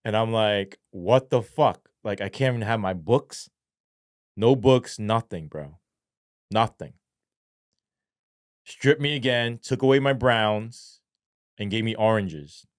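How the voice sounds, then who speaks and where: A man with a somewhat low voice tells a story as a podcast guest, loose and profane, full of slang and fillers. He talks in a dry, close sound with no room echo. His delivery rambles and leans on street talk. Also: slow pace, long pauses. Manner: animated, acts out quoted voices. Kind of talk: casual storytelling in a podcast interview.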